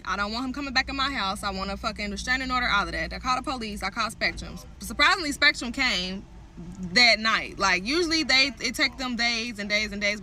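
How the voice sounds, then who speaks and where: A woman's voice: a little high, pushed and bright. A young woman ranting to her viewers, telling an angry story full of swearing and heated asides. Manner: heated, profane, talks straight to viewers.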